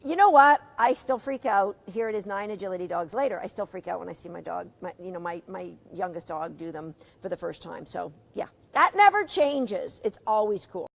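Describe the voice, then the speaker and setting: A woman's voice: mid-range voice, animated, fairly quick, gravelly, few pauses. A middle-aged woman teaching a live dog agility seminar, chatty, asking her students questions and reading out their comments.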